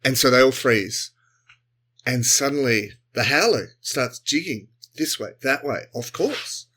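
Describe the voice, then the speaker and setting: A man co-hosting a comedy podcast, improvising a sci-fi story and jumping into quick character voices. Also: medium pitch, husky. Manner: animated, acts out characters in quick bursts. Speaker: podcast co-host.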